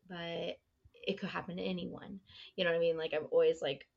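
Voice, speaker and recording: A woman's voice: lowish voice, flat delivery, brisk, vocal fry, highs cut off. A woman guest in a casual podcast chat who speaks hesitantly, uses many fillers and second-guesses herself. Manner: hesitant, self-doubting, filler-heavy.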